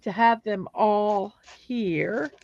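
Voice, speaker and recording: A woman's voice: medium pitch, extremely slow, a little mellow, no echo, highs cut off. A woman hosting a livestream, chatting casually and rambling with fillers and restarts while she builds blocks.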